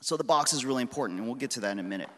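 A man's voice: medium pitch, expressive, racing. A man in his thirties preaching a sermon, telling a story about his daughters in an earnest, conversational way. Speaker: pastor. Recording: reverberant hall.

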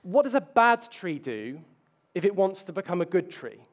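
A man's voice: high-pitched, very animated, moderate pace. A man preaching a sermon, telling self-mocking stories with playful asides. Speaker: pastor.

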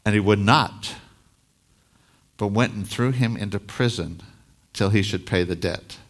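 Low-voiced pastor preaching a sermon. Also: male voice, unhurried. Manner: reads scripture aloud and explains it, rising in force on key lines.

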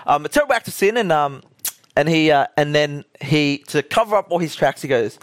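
High-voiced young male preacher. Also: animated, fairly quick, no room sound, studio quality. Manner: casual storytelling with acted-out quotes. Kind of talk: sermon.

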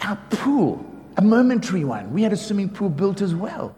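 A man preaching as a pastor, telling lively stories about his neighbours, acting out the quotes and often laughing. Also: high-pitched, moderate pace, noisy background. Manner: animated storyteller, acts out quotes, laughs often. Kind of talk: sermon storytelling. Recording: reverberant hall with faint ambience.

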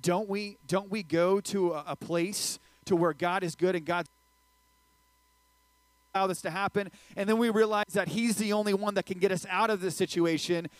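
An energetic male preacher with a slightly high voice, joking and talking straight to his young crowd. The sound is dry, with little room echo. He delivers a loose, casual sermon. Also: normal speed. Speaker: youth pastor.

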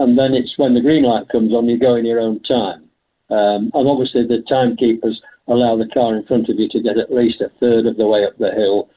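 An older man joins the interview over a tinny, phone-like line. He tells his stories in a chatty, anecdotal way and laughs often. His pitch sits in an ordinary middle range. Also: husky. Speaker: guest, veteran hill climb driver. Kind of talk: conversational interview.

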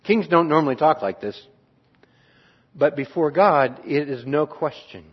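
A man preaching an earnest, reflective sermon on a psalm as a pastor, trailing off softly at times. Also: a little high, measured pace, slightly rough. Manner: earnest, reflective, with restarts and soft trailing endings. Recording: dull lo-fi sound.

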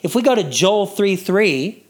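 A male preacher giving an expository sermon, teaching verse by verse, asking the congregation questions and dropping to a hush to draw them in. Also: high-pitched, animated, a little slow. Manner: drops to a hushed voice to draw listeners in.

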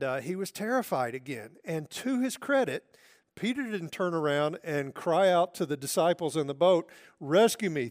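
A male pastor preaching a sermon in an earnest way, now and then dropping to a soft hush for emphasis. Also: on the high side.

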